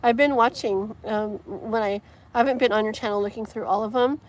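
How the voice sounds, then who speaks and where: Hosting a tarot livestream outdoors, where wind and traffic go by, a woman speaks a little fast in a slightly high voice. She gushes while reading viewer comments aloud, chatting casually with plenty of fillers.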